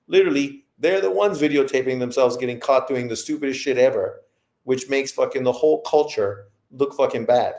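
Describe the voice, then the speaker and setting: A man's voice: mid-range voice, a little mellow, roomy sound. A man hosting a boxing livestream who rants in profane commentary. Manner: profane, ranting. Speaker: boxing show host.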